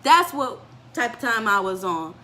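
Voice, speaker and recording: A young woman vlogger telling a story from her life in a casual, animated way, with lots of "like" and acted-out voices. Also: fairly high pitch, measured pace. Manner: animated storytelling, fillers with "like", acts out quoted voices.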